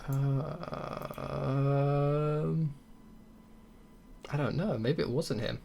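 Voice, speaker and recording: A man's voice: a little high, drawn-out words, vocal fry, warm tone, slight background noise. A young man hosting a casual solo podcast, talking bluntly with swearing and sarcastic mocking asides. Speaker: podcast host.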